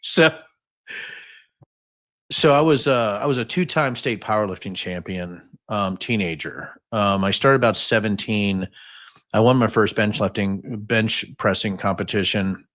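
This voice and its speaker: A man's voice: on the low side, a little slow, fairly bright tone. Rambling, jokey man in his fifties. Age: 50s. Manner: rambling and jokey, many fillers and asides. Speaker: podcast host. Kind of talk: casual livestream storytelling.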